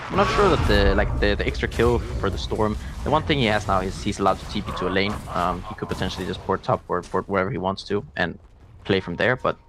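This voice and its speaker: A man giving color commentary on a video game match, talking it through thoughtfully with many pauses and fillers. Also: on the low side, a bit bright, slight background noise. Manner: thoughtful, hesitant, lots of fillers. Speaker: esports analyst.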